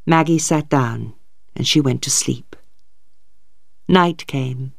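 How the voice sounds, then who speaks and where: Graded-reader narrator, very slow, lively pitch, dry recording. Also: no room sound. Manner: slow, clearly paced storytelling.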